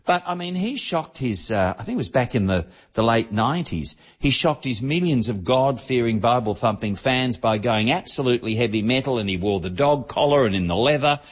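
A man's voice: medium pitch, animated, a little fast, hardly any pauses, breathy edge. A man, telling celebrity gossip as an entertainment reporter on a radio show in a chatty, storytelling manner. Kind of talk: casual radio chat. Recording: dull lo-fi broadcast audio.

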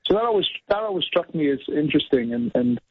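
A man's voice: fairly high pitch, animated, fast talker, breathy edge, no echo. An older man, a musician guest, chatting loosely in a phone interview, full of restarts and "you know". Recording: dry, tinny phone line.

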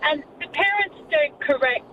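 Woman calling in, high voice, indignant and chatty, tinny phone line. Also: animated, moderate pace, recorded from a distance, slight background noise. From Australia. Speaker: caller, nanny. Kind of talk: phone-in chat.

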